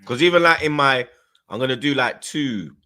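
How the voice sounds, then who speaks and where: A man, hosting a casual football chat in slangy, animated talk. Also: medium pitch, normal speed. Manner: slangy, animated, swears freely. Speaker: host.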